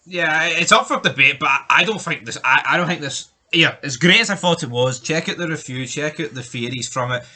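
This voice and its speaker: A man's voice: a little high, fairly quick, hardly any pauses, bright, forceful tone. A man co-hosting a casual chat, opinionated and steering the talk, often stumbling over his first words. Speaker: podcast co-host. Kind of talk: casual chat ranking TV deaths.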